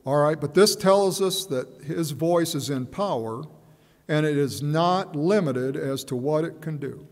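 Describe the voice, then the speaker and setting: Male preacher, slightly high voice, measured and reflective, fillers and restarts, church reverb. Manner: measured, musing, hesitant with fillers and repeats. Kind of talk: sermon.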